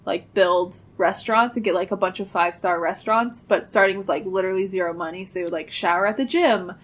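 A young woman co-hosting a podcast, chatting casually with frequent "like" and deadpan teasing. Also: medium pitch, quick pace. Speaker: podcast co-host. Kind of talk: casual chat.

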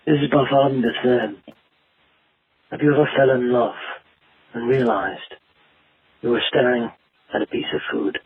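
A man leaving a voicemail, speaking slowly, calmly and soothingly. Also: medium pitch, husky. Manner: slow, calm and soothing delivery. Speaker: voicemail caller. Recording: tinny phone voicemail.

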